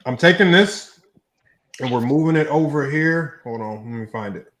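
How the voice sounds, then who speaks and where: Male host, casual and slangy, reads matchups off a screen, average pitch. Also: moderate pace, background noise. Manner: relaxed, slangy, thinks aloud. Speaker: debate show host. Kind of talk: casual livestream chat, reading out a list.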